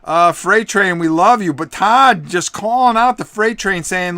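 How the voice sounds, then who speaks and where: A man hosting a live tabletop wrestling game, commentating in an excitable, rambling way with many fillers. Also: high-pitched, a little slow, no room sound.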